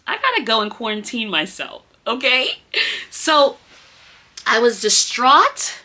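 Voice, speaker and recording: A woman who teaches kindergarten tells a story in a casual, animated vlog and speaks straight to her viewers. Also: slow. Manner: animated, emotional retelling with big swings in pitch; casual, addresses viewers as y'all.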